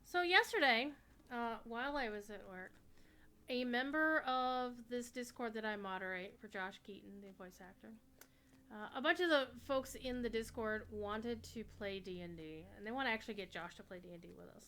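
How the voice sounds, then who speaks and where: A woman livestreaming a game, chatting in a rambling way with sudden excited outbursts. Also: a little high, moderate pace, a little hiss or hum. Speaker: livestreaming gamer. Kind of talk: casual chat while playing a game.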